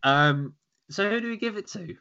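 A man's voice: sits high, lively intonation, moderate pace, gravelly, sharp tone, clean tone, highs cut off. A man hosting a podcast, chatting casually in a wry, joking way. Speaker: podcast host. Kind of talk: casual chat.

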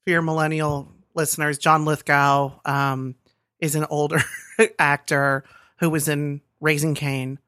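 A woman's voice: deep voice, flat delivery, a little slow, a bit bright, dry recording, studio quality. A woman co-hosting a radio show, chatting in a giggly, gossipy, enthusiastic way. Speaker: co-host. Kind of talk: casual chat.

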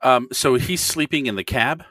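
A man playing in a tabletop game, describing his character's actions in an animated, rambling way. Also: medium pitch, normal speed. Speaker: player.

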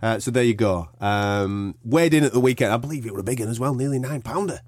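A man, co-hosting a fight podcast and telling stories in animated casual chat. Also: mid-range voice, fast, dry recording. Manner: animated storyteller, acts out quoted voices. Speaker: podcast co-host.

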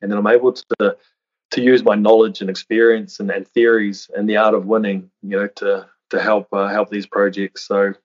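A man's voice: lowish voice, little pitch movement, normal speed. A man, a retired rugby player in his thirties, answering interview questions earnestly, with many "you know" fillers and restarts. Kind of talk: reflective interview talk. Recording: dull lo-fi audio.

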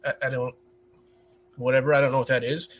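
A man from upstate New York with a light upstate New York accent, chatting as a podcast guest, quick to laugh and telling anecdotes. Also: mid-range voice, level tone, a bit bright, slight background noise. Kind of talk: casual chat.

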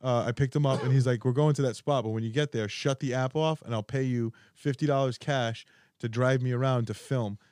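Excitable, cursing male co-host. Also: medium pitch, fairly quick, no room sound, studio quality. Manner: excitable ranting storyteller, heavy swearing. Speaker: radio show co-host. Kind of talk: casual radio banter.

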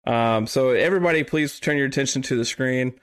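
A man's voice: mid-range voice, a little fast, a bit bright, smooth. A man hosting a podcast, chatting casually and joking, with lots of fillers. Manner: playful, joking, many fillers. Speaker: podcast host. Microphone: online call setup.

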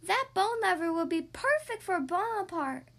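A woman voicing a boastful male mummy in a children's storybook reading, with slow drawn-out lines. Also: extremely high pitch, very animated, fairly bright tone, pitched above the performer's own voice, heavily acted. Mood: proud.

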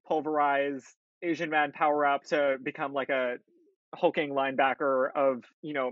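A man's voice: mid-range voice, a bit bright, no echo. A man co-hosting a podcast, chatting casually about a book and laughing often. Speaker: podcast co-host. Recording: muffled dry recording.

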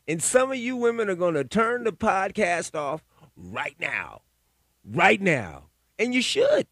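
A man's voice: high-pitched, huge pitch swings, measured pace, a bit bright, no room sound, studio quality. A man hosting a solo podcast, telling stories and giving opinions in a rambling, profane, casual way. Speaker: podcast host.

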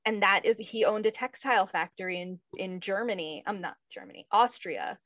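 A woman's voice: mid-range voice, a little fast, a bit bright, no room sound. A woman hosting a podcast interview, chatting in an effusive, enthusiastic way. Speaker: podcast host. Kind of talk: casual interview chat.

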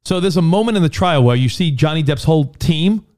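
A man co-hosting a casual radio talk show, chatty and quick, often tripping over his words. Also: on the high side, lively intonation, a little mellow. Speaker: co-host.

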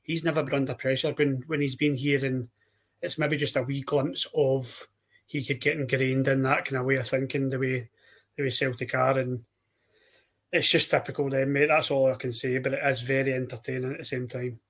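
Flat-voiced Scottish podcast co-host. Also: male voice, mid-range voice, normal speed. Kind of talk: casual podcast chat.

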